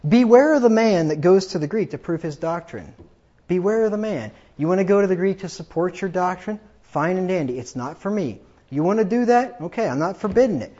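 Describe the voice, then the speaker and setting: A man's voice: sits high, lively intonation, a little fast, warm tone, lo-fi sound. A man preaching a sermon from the pulpit, emphatic and combative, often repeating himself for force. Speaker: pastor.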